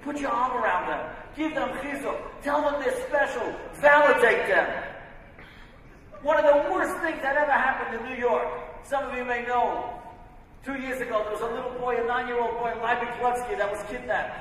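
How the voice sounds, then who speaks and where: A man's voice: very high-pitched, moderate pace, a bit bright, slight background noise. A man, a rabbi, giving an inspirational sermon, telling stories emphatically. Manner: storytelling, emphatic. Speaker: rabbi and speaker. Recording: echoey hall from far off.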